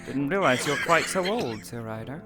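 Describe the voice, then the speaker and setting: A roleplayer speaking in character in voice chat, formal, polite and measured. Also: mid-range voice, expressive, over music.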